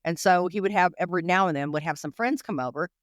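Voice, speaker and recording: A woman's voice: fairly low pitch, dry recording, studio quality. A woman guest in an interview, recounting her experiences in a candid, emotional way with many restarts and fillers. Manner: rapid, emotional, full of restarts and "you know".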